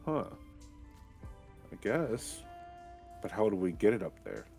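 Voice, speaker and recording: A man with a low voice speaks very slowly as a player at a tabletop game. He stumbles and restarts often as he asks questions. Faint music sits behind him. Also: huge pitch swings, vocal fry, mellow. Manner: hesitant, restarts a lot. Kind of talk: casual tabletop play.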